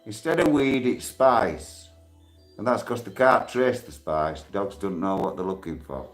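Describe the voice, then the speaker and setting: A man in his sixties talking casually on a live stream, giving shout-outs and speaking bluntly and heatedly, with free swearing. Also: on the low side, lively intonation, unhurried, faint music behind. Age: 60s.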